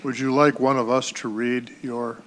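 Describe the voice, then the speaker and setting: A man's voice: mid-range voice, flat delivery, moderate pace, fairly bright tone. A man chairing a public board meeting, reading formal text aloud and addressing speakers courteously.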